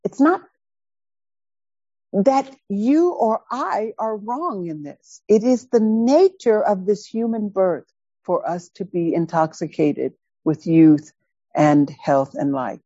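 A woman teaching Buddhist dharma, telling a personal story in an animated, emphatic way and repeating words for stress. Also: mid-range voice, slow pace, dry recording, highs cut off. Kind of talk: dharma talk with personal anecdote.

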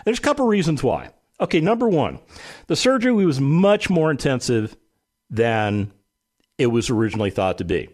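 Animated male talk radio host. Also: medium pitch, normal speed. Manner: animated storytelling, acts out quotes.

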